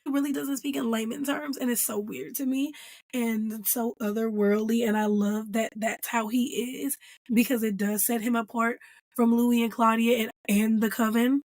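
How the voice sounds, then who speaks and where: A woman with a slightly high voice recaps a TV episode in an animated, emphatic chat. She is recorded dry and close, with almost no room sound. Her tone is casual, as if talking to a friend. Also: normal speed, no echo. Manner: animated and emphatic, acting out characters' lines and calling them "girl". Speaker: host reviewing a TV episode.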